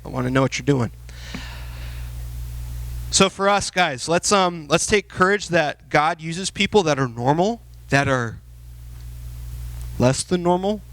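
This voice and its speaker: A man in his thirties preaching a sermon to teens in a conversational, animated way, acting out quotes. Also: sits high. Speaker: youth pastor.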